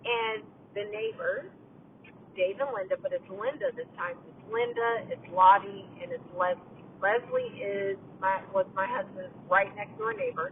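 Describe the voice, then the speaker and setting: A woman's voice: wildly swooping pitch, measured pace. A very tired woman from California telling a long, rambling story at night while driving, leaning on "you know" and "like", recorded in a car through tinny phone-like audio. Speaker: podcast host. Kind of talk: casual storytelling. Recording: tinny phone-like audio with faint road rumble.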